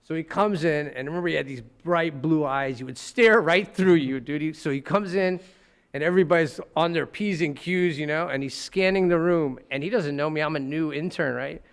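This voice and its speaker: High-voiced man telling animated courtroom stories. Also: moderate pace, clear, resonant tone. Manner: animated, acting out courtroom scenes. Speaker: trial lawyer. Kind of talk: storytelling in casual podcast chat.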